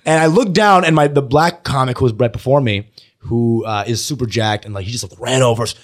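Man, stand-up comic, casual podcast storytelling, animated, laughs often, swears, mid-pitched voice. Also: a little fast. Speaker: stand-up comedian telling stories.

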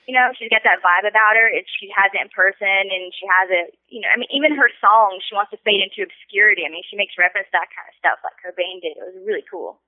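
Fast-talking woman caller on a phone line. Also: medium pitch, no echo. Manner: excitable, swears freely, intense storyteller. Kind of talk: casual call-in chat. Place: on a phone call.

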